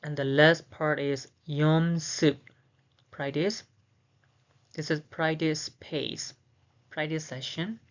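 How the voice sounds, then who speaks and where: Slow, low-voiced woman teacher. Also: dull audio. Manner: repeats each sound slowly, switching between Korean and English. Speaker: Korean language teacher. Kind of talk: slow, careful beginner lesson.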